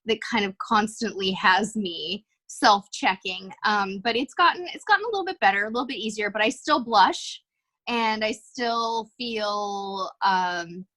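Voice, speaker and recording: A woman's voice: medium pitch, a little slow, bright, forceful tone. A middle-aged woman, a cruise vlogger, talking earnestly and reflectively as a guest in a podcast interview. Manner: earnest, reflective, self-aware.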